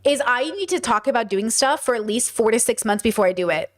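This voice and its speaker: Woman from the US, high voice, animated and rambling, casual co-host. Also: a little fast. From United States. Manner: animated, rambling, expressive, swearing. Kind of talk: casual discussion.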